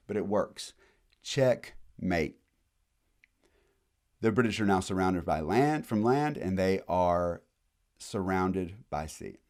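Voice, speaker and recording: A man giving a casual, animated history lecture, full of slang and quick acted-out asides. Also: on the low side.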